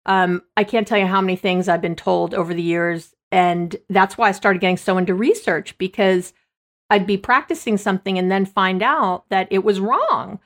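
Chatty, enthusiastic woman hosting a solo podcast, mid-pitched, often breaking off her own sentences. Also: moderate pace. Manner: chatty, enthusiastic, self-interrupting. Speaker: podcast host. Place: United States.

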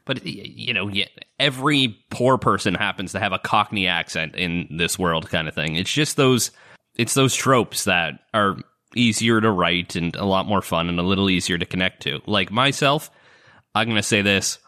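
Wry, bright-voiced man with a lower pitch. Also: expressive, moderate pace. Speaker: player. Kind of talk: casual podcast chat.

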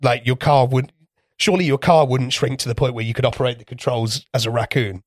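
A man's voice: mid-range voice, steady tone, fairly quick, no room sound, clean studio sound. A young man co-hosting a comedy podcast, bantering crudely and acting out mock insults. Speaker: podcast co-host.

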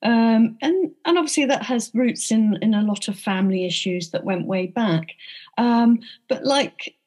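A woman answers interview questions about her book in a thoughtful, unhurried way. Her voice sits a little high, and she often pauses on fillers and restarts her sentences. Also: a little mellow. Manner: thoughtful, with frequent ums and restarts. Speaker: author and interview guest. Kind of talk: conversational interview.

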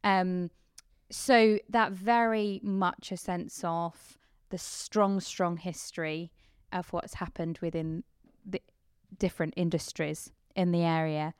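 A woman's voice: lowish voice, steady tone, takes it slowly, clear, resonant tone, no room sound, studio quality. A woman vicar with a mixed English accent, with traces of Kent and Yorkshire, chatting as a podcast guest and laughing often. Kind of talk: casual interview chat.

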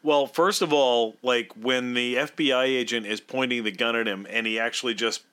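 A man's voice: medium pitch, steady tone, moderate pace, bright, forceful tone, clean tone. A man in casual movie commentary chat, rambling with lots of fillers. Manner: rambling, filler-heavy, laughing asides. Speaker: podcast co-host.

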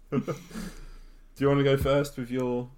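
A man's voice: medium pitch, completely flat delivery, unhurried, darkish tone, smooth. A man co-hosting a podcast, casual and teasing, laughing a lot and swearing now and then. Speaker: podcast co-host. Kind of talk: casual chat.

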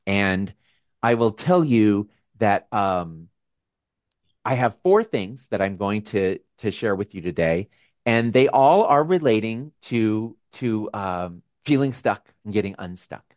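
A man hosting a casual video call with his members, talking in a gentle, musing way with frequent restarts. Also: lowish voice, dry recording, studio quality. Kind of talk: casual reflective talk.

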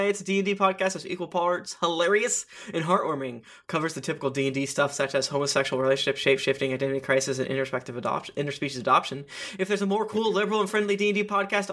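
Man, podcast host reading reviews, playful, bright and forward tone, slightly high. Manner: playful, reads reviews with jokey asides. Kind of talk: casual podcast banter and reading aloud.

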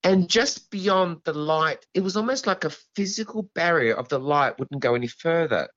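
A man rambles through a story as a guest, stopping and restarting often. His pitch swings widely, and the sound is dull and lo-fi, like a remote call. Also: expressive, fairly bright tone. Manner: rambling, halting, full of restarts and "you know". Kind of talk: storytelling in an interview.

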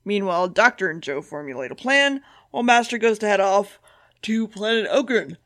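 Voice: mid-range voice, lively intonation, moderate pace, pushed and bright. A podcast co-host giving a loose, sardonic plot recap, peppered with swearing and dry asides. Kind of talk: casual episode recap.

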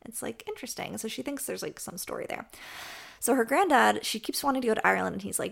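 Creaky-voiced chatty woman co-host. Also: on the high side, animated, fast talker, a bit bright. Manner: chatty, laughing, self-deprecating. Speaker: podcast co-host. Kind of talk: casual book chat.

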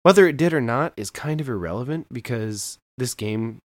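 A man's voice: medium pitch, animated, moderate pace, dry recording, studio quality. A man in his thirties co-hosting a podcast, retelling a movie with enthusiasm and rambling through plenty of filler words. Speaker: podcast co-host. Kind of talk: casual podcast chat.

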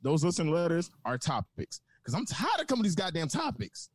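A man co-hosting a podcast, ranting and telling stories in an animated way. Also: on the high side, fairly quick, dry recording. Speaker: podcast co-host. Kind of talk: casual chat.

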